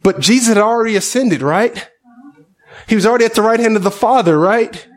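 Male pastor, high voice, conversational sermon that questions the congregation. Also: a little fast.

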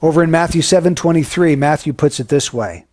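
A man preaching a sermon in an earnest, emphatic way, often dropping to a hushed, solemn tone. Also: a little high, brisk, dry recording, studio quality.

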